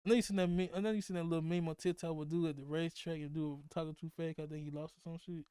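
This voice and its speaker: A young man with a Mississippi accent hosting a casual podcast chat, talking fast, laughing often and cursing freely. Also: a little high, fairly even intonation, dark tone, smooth, dry recording, studio quality. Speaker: podcast host.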